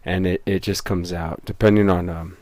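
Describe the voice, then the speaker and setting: A man's voice: deep voice, fairly even intonation, moderate pace, darkish tone, no echo. A man, the show's creator and host, giving rambling behind-the-scenes commentary full of fillers and restarts.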